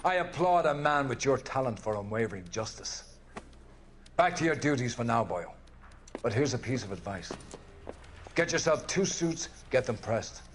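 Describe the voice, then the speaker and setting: Casting: male actor as condescending Irish official, theatrical, lively delivery. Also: medium pitch, moderate pace, slight background noise, lightly acted. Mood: patronizing. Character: smooth, patronizing older Irish male official. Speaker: senior official addressing a policeman.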